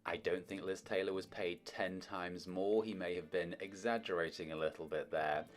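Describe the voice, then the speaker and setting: Brief: low-pitched male host, scripted narration, wry asides. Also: fairly even intonation, moderate pace. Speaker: host of a film history channel.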